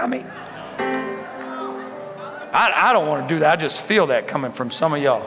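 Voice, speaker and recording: Animated high-voiced preacher. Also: male voice, a little fast, pauses often. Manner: animated preacher, swings from loud to soft, laughs with the congregation. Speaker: pastor. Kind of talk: sermon. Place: large church hall with congregation. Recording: reverberant church hall with music behind.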